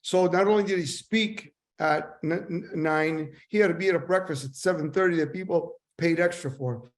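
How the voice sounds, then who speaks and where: An older man, a sales trainer, telling casual stories in a rambling, animated way. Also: on the high side, moderate pace. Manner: animated, rambling anecdotes with voice impressions. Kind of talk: casual storytelling.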